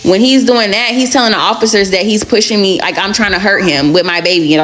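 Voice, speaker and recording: Young woman, storytime vlog, candid and slangy, average pitch, plain delivery. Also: fairly quick, a bit bright. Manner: candid, slangy, blunt retelling.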